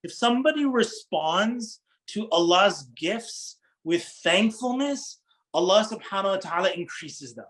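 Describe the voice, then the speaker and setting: Middle-aged male preacher, fairly high voice, informal, asks the crowd questions. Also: lively intonation, measured pace, fairly bright tone, poor audio. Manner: engaging, asks the audience questions, laughs lightly. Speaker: Islamic preacher. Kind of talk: conversational religious talk to an audience.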